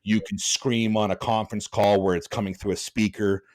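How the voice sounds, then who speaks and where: A man's voice: lowish voice, level tone, normal speed. A man hosting a podcast, talking bluntly and passionately, rambling with restarts. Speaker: podcast host. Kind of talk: casual podcast chat.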